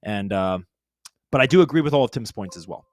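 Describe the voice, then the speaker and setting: A man's voice: fairly low pitch, lively intonation, fairly quick, dry recording. A man joining a jiu-jitsu panel as a new panelist, weighing picks earnestly and thoroughly. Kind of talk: casual panel analysis.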